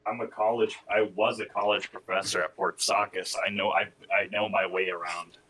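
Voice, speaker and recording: A man's voice: on the low side, little pitch movement, normal speed, bright, forceful tone. A man playing in a tabletop game who stammers and restarts his sentences. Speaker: player. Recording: distant mic with faint noise.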